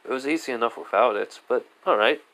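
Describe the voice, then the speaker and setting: A man's voice: mid-range voice, fast talker, fairly bright tone, lightly acted. A man voicing a confident young male hero in a fan story retelling, in a casual, matter-of-fact way.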